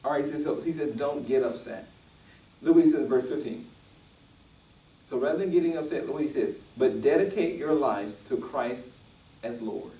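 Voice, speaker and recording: A man's voice: on the high side, brisk, long pauses, warm tone, echoey room, far from the mic, poor audio. A male pastor preaching a sermon, restarting often and building to emphatic, rising peaks.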